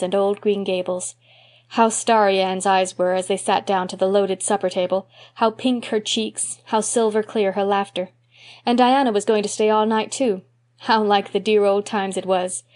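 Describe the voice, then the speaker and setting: A woman narrates a classic novel as an audiobook in a steady, mid-range voice. Her reading is measured and expressive, with a calm storytelling pace. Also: mid-range voice.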